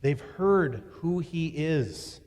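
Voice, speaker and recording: A man preaching a sermon as a pastor, telling a story in a voice that swings from loud to hushed. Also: fairly high pitch, animated, extremely slow, big-room sound. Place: church.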